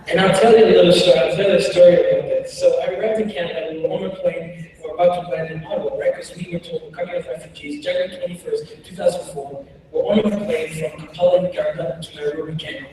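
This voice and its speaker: A young man from Congo whose first language is Kiswahili, telling funny stories in a keynote talk. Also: on the high side. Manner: animated and humorous, with frequent laughs. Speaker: keynote speaker. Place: large hall. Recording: echoey hall, far from the mic.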